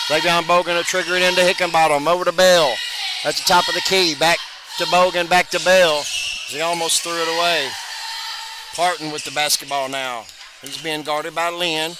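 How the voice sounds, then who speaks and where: A man calling a high school basketball game play-by-play, running through passes quickly and rising on made shots. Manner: rapid calls, bursts of excitement on made shots. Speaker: play-by-play announcer. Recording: noisy gym ambience behind voice.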